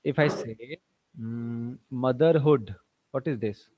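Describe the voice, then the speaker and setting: A man teaching an online tutorial, firing quick questions at students and slipping into Hindi. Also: mid-range voice. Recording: dull lo-fi dry sound.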